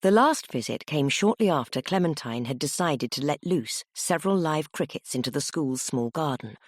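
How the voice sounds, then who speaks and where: A woman reading an audiobook aloud in a low, husky voice. Her delivery is animated, with a wide and lively pitch, and the recording sounds dry and close. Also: no echo. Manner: expressive, animated storytelling. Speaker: audiobook narrator. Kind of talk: scripted audiobook narration.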